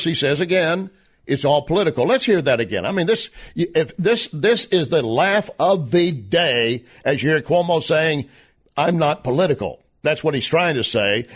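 A man hosting a political talk show, delivering a sarcastic monologue full of rhetorical questions. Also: a little high. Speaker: radio talk show host.

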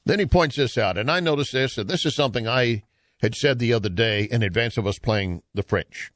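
A man's voice: mid-range voice, fairly quick, a bit bright. A man hosting an opinion commentary show, speaking emphatically and reading passages from an article aloud. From United States.

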